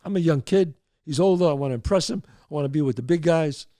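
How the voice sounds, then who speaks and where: A man's voice: on the high side, fast talker, warm tone, no echo, clean studio sound. A man, hosting a show and telling a long story while acting out his friends' voices. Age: 60s or older. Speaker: host. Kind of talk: storytelling monologue.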